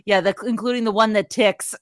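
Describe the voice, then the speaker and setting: A woman co-hosting a casual movie podcast, reading a quick, joking plot recap. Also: medium pitch, fairly even intonation, crowd noise. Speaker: podcast co-host.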